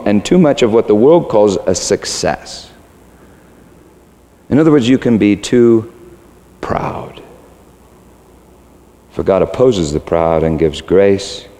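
A man preaching a sermon emphatically, swinging between loud declarations and hushed asides. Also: lowish voice, gravelly. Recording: long hall reverb.

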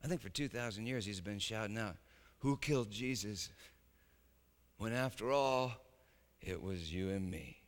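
A man preaching a sermon dramatically, swinging from hushed lines to shouting. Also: on the low side, moderate pace. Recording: reverberant hall.

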